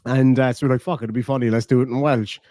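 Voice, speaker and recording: A man's voice: mid-range voice, fairly even intonation, quick pace, warm tone, dry recording, clean studio sound. A man hosting a livestream, reading out donations and telling profane, jokey stories in casual chat. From Ireland. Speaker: livestream host.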